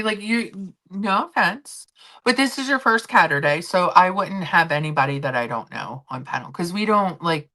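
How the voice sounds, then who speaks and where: A woman's voice: deep voice, pushed and bright. A woman hosting a casual chat livestream, rambling and swearing freely as she talks to her viewers. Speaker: livestream host.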